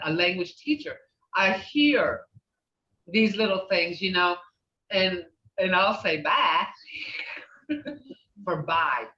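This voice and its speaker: A woman's voice: mid-range voice, pushed and bright. Chatty older Oklahoma woman teaching. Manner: chatty, laughs often, acts out sounds. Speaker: language teacher. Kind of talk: casual class talk. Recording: distant, dull, roomy sound.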